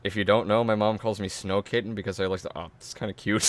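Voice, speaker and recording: A man's voice: on the low side, very animated, brisk, fairly bright tone. A young man hosting a casual reaction podcast, mocking and swearing often. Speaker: podcast host.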